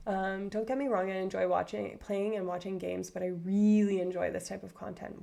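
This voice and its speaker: A woman's voice: medium pitch, little pitch movement, normal speed, vocal fry, hardly any pauses, warm tone. A woman in her thirties, casually chatting with viewers on a livestream and wandering off on tangents with self-deprecating asides. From far north Alberta, Canada. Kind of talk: casual chat reading viewer comments.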